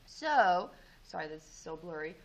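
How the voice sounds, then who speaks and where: A woman teaching math, going over homework and walking students through steps in a relaxed way with frequent ums. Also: fairly low pitch, moderate pace, rough recording. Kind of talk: homework review and lesson.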